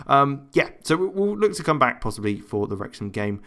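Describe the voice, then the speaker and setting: This gaming channel host has a medium-pitched, fairly bright voice with big swings in pitch, and he speaks a little fast. His chatty, rambling commentary on a football management game is packed with fillers, self-talk and asides. A slight hiss or hum sits under the recording.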